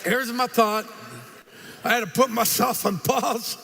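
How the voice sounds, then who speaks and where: An older man gives a live motivational talk, his very high, bright voice ringing out with long hall reverb. He tells his stories in an animated way, acting out the quotes and dropping in short, punchy asides, with faint ambience behind him. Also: measured pace, vocal fry, slight background noise. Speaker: motivational speaker.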